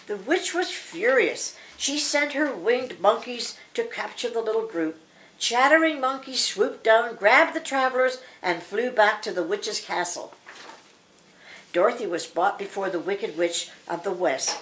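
An older woman reading a children's picture book aloud, slow and expressive. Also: a little high, a little hiss or hum. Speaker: storybook reader.

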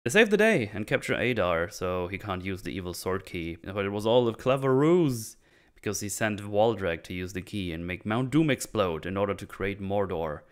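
A man's voice: fairly low pitch, animated, normal speed, clear, resonant tone. A man hosting a casual recap, sarcastic and irreverent as he mocks plot holes. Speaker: channel host reviewing a series.

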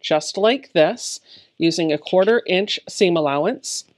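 A woman's voice: fairly low pitch, animated, a little slow, heavy background noise. A woman giving a step-by-step quilting tutorial, explaining each step plainly in a friendly, encouraging way. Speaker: quilting instructor.

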